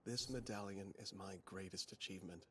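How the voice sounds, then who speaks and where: An actor playing a polite, modest village priest who is an older brother, speaking calmly and humbly. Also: male voice, low-pitched, fairly quick, lightly acted. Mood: humble. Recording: anime clip with chatter over it.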